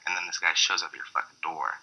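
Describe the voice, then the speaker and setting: A young man in an interview, excitably telling a party story, swearing freely and acting out his own reactions. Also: low-pitched, quick pace, lo-fi sound, very noisy. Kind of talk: casual anecdote interview.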